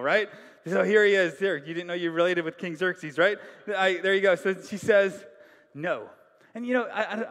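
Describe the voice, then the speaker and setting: High-voiced animated man preaching a sermon. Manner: animated storytelling, acts out voices, asks the audience questions. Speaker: pastor. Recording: long hall reverb.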